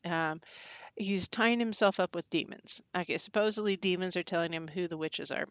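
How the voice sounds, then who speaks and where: A woman who practices witchcraft, talking casually on a livestream and answering chat. She talks haltingly, with many fillers and restarts, and makes wry, blunt remarks. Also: fairly low pitch, dry recording. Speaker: pagan witch hosting a channel. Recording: dull lo-fi dry sound.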